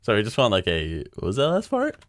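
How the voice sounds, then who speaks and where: A man casually commenting while editing audio, relaxed and chatty, thinking out loud. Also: on the low side, fast talker, no echo, clean studio sound. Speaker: machinima creator editing audio.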